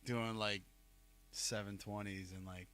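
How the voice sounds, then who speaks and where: A man's voice: fairly low pitch, level tone, slow, sharp tone. A man with a Northeast Ohio accent, hosting a casual podcast and telling rambling stories full of fillers. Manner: rambling storyteller, filler-heavy. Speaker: podcast host. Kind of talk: casual chat.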